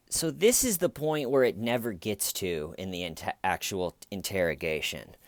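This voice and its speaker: A man's voice: mid-range voice, dry recording. A man recapping a true-crime case as a comedian, casual, blunt and sardonic. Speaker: comedian commentator.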